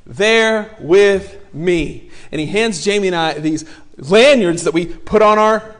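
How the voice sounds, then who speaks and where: High-voiced pastor guy in his 40s, animated, jokey, acts out his story. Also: moderate pace. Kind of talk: sermon storytelling.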